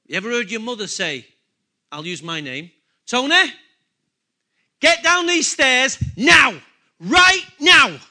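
A man's voice: high-pitched, bright, forceful tone. A man preaching a sermon to a congregation, repeating key phrases and asking them questions. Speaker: pastor.

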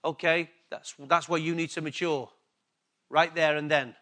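English pastor guy preaching, high bright voice, keeps repeating stuff and checking the crowd gets it. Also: little pitch movement, unhurried. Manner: emphatic, repeats key words, asks the congregation questions. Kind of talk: sermon.

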